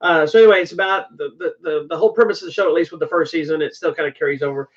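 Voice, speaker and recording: A man's voice: fairly high pitch, racing, distant mic, dull audio, a crowd in the background. A man co-hosting a casual TV review podcast with his wife, teasing and joking as they talk. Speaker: podcast co-host.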